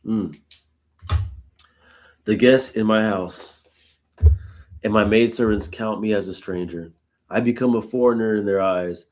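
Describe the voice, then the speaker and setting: Male Bible study host, very low voice, reads scripture then chats about it with casual asides. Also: a little slow, pauses often, darkish tone. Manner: reads verses aloud, then reflects informally; uses casual "y'all" asides. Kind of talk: live scripture reading with commentary.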